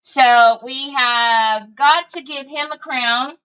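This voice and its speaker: A high, bright-voiced middle-aged woman, chatting to her livestream viewers as she crafts. She spins stories in a chatty, friendly way, calling them y'all. The stream audio is a little dull and lo-fi. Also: slow, smooth. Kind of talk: casual chat while crafting.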